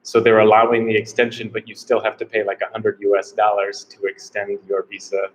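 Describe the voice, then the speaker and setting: On a low-quality recording with some hiss or hum, an American man speaks in a lowish, monotone voice at a fairly quick pace. He's a travel vlogger doing a live Q&A from a small room, rambling, unsure and prone to repeating himself.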